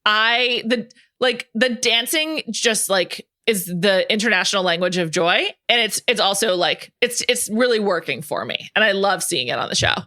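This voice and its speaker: A woman's voice: mid-range voice, animated, moderate pace, hardly any pauses, pushed and bright, dry recording, clean studio sound. A woman hosting a podcast in casual chat, enthusiastic and talkative with lots of fillers. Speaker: podcast host.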